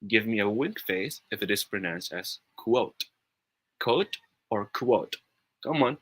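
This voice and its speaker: A man's voice: lowish voice, lively intonation, slow pace, fairly bright tone, breathy edge, rough recording. A man with a Filipino accent, teaching an upbeat live-streamed English pronunciation lesson and reading out viewer comments. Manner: upbeat, switches between English and Tagalog, reads viewer comments.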